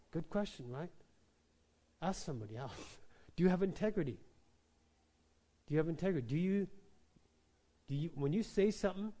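Man, pastor, sermon, high voice, emphatic, repeats himself, calls out amen. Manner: swings between quiet questioning and loud emphatic preaching.

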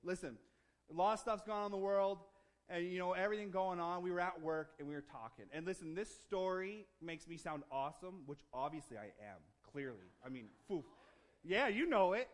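A man with a high voice preaching a sermon in church. He talks casually and jokes with the congregation, then builds into emphatic, rising declarations. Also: lively intonation, brisk. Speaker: pastor.

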